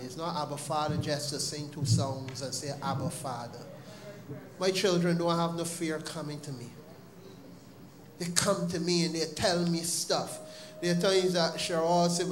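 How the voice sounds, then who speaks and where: A man with a Barbadian accent giving an earnest, animated personal testimony at a church service. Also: on the high side, a little hiss or hum. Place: church sanctuary. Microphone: live-streamed service mic.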